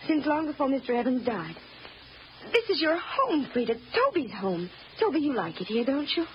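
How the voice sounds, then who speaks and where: A woman's voice: sits high, very animated, moderate pace, a little hiss or hum. A woman acting a well-spoken widowed mistress of the house in an old radio drama, pleading and soothing. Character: genteel widowed mother of the house. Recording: dull lo-fi old radio recording.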